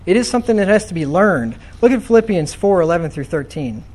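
A man's voice: sits high, sing-song, fast, darkish tone. A man preaching a sermon in a church, reading scripture aloud and asking the congregation questions in a conversational way. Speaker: pastor.

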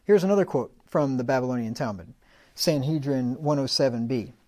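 A man's voice: mid-range voice, fairly quick, darkish tone. A man preaching a sermon in an emphatic, conversational way, often restarting his sentences.

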